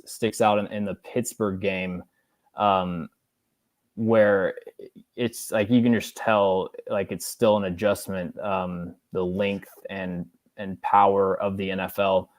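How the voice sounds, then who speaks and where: A man on a podcast as a guest analyst, breaking down football plays in a casual, halting way full of fillers and restarts. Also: on the low side, flat delivery, no echo.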